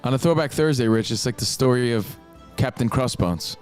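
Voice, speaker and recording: A man co-hosting a podcast, chatting in excitable, casual banter. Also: mid-range voice, a little fast, faint music behind. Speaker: co-host.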